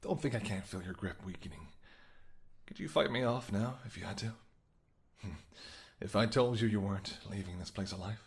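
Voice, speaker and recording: A man playing a smug, low-voiced seductive vampire. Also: normal speed, natural voice. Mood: hungry. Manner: soft, teasing, seductive murmur. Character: flirtatious predatory male vampire, teasing and smug. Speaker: voice actor. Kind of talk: whispered role-play.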